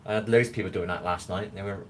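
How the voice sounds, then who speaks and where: A man's voice: low voice, fairly even intonation, quick pace, fairly bright tone, a little hiss or hum. A tired man with a West Country accent, rambling casually on a livestream and reading viewers' names from the chat, recorded on a phone at home. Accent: West Country English. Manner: rambling, chatty, reads chat names aloud. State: tired after little sleep. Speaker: livestream host.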